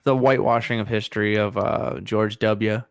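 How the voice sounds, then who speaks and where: A man's voice: fairly low pitch, fairly even intonation, moderate pace, vocal fry, dry recording, clean studio sound. A man co-hosting a podcast in casual banter, sarcastic and opinionated. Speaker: podcast co-host.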